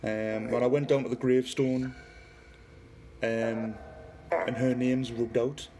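A man's voice: medium pitch, level tone, takes it slowly, mellow, slight background noise. Geordie man hosting a livestream. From Newcastle, northeast England. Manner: chatty, reads viewer comments aloud, talks to a spirit box. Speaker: paranormal livestream host. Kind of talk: casual livestream chat.

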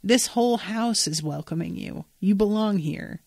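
A woman's voice: mid-range voice, moderate pace, creaky, darkish tone, no room sound. A woman voicing a sardonic male talking cat in casual modern slang, in a dry recording. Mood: reassuring.

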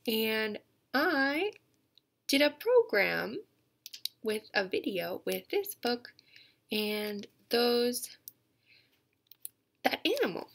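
Slow, animated woman reading a picture book. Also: on the high side, gravelly. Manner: animated, slow and repetitive, drops to soft whispers. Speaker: museum educator. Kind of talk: reading a picture book aloud to young English learners.

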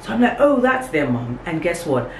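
A young woman telling a casual story on camera, acting out every quote with big jumps in her voice. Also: normal speed. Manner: animated, acts out quotes with big pitch jumps. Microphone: camera on a tripod. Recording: echoey room with faint background hum.

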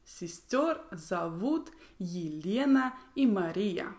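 A woman's voice: medium pitch, very animated, darkish tone. A woman with a Russian accent, a native Russian speaker, teaching a language lesson and carefully repeating example phrases. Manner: slow, deliberate repetition of example phrases.

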